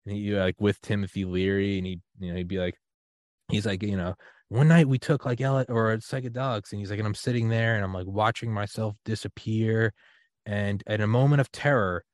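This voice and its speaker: A man's voice: fairly low pitch, fairly quick, dry recording, clean studio sound. A man hosting a podcast, telling stories in a casual chat and acting out the voices of the people he quotes. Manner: animated storyteller, acts out quoted voices. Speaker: podcast host. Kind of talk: casual conversation.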